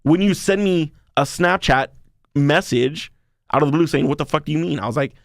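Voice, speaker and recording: This podcast co-host is a young man with a slightly high, creaky voice and a moderate pace. He rambles through a casual story and curses freely, captured in a dry, studio-quality recording.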